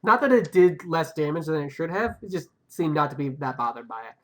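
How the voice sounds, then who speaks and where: A woman's voice: sits low, animated, a little fast. A woman acting as game master of an online tabletop game, talking over a video call with many fillers and hesitations. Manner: hesitant, filler-heavy, laughs often.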